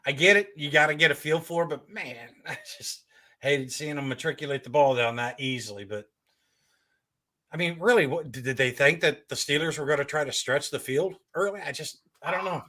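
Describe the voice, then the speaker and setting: A man's voice: fairly high pitch, fairly quick, sharp tone. A man co-hosting a live game reaction stream, cheering on his team and chatting casually. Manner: cheering fan, casual banter. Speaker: co-host fan.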